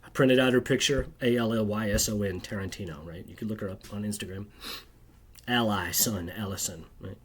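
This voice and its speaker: A man's voice: lowish voice, steady tone, fast, hardly any pauses, a little hiss or hum. A man telling a rambling, bitter personal story to camera, agitated and constantly tagging his sentences with "right?". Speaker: video creator.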